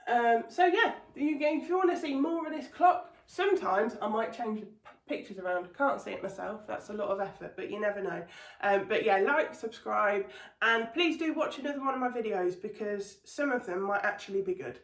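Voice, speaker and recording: A woman's voice: a little high, animated, moderate pace, reverberant, distant mic. A woman doing stand-up comedy in a chatty, swearing, ranting manner, recording at home. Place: home room.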